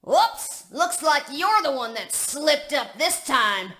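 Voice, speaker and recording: Casting: grumpy Southern US old hen, high and slow, folksy. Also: female voice, big pitch swings, fairly bright tone, exaggerated voice. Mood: gloating.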